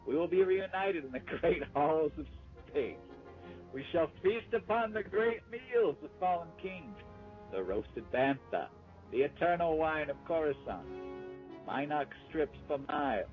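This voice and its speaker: A man's voice: fairly high pitch, narrow, tinny audio, pitched above the performer's own voice. A man doing a blissful, flowery droid chef. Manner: slow, flowery and serene.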